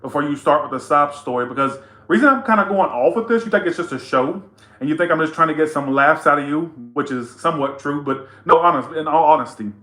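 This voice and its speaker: A male tarot reader talks straight to his viewers in a casual, teasing way. His bright, sharp voice carries blunt, profane remarks. The sound is roomy and echoing. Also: a little high. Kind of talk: casual tarot reading to camera.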